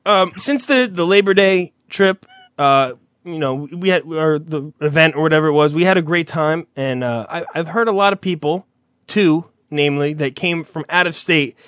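A man's voice: a little high, moderate pace, a bit bright, no echo, clean studio sound. A young man in casual chat who rambles through stories, swears freely and acts out other people's voices.

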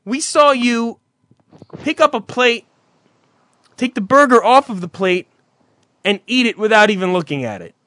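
A man hosting a podcast, teasing his cohost with profane, rambling stories and loud impressions. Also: high-pitched, lively intonation, unhurried, long pauses, no echo, studio quality. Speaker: podcast host. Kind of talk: casual profane banter.

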